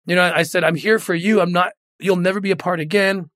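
A man's voice: high-pitched, fairly even intonation, fast, a bit bright, no room sound, studio quality. A middle-aged man, a guest in an interview, telling a moving story earnestly and often repeating words when moved.

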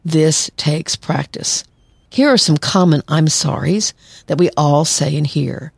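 A woman therapist hosts a solo podcast of advice talk, speaking slowly in a low voice with vocal fry and a breathy edge. She keeps it conversational, acts out quoted lines, and laughs lightly. The recording is dry and studio-clean.

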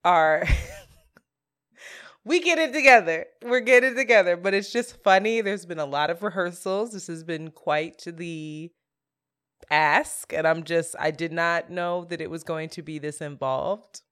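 Laughing, animated woman podcast co-host. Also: fairly low pitch, measured pace, clean tone. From Philadelphia area. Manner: animated storyteller, laughs often. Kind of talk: casual chat.

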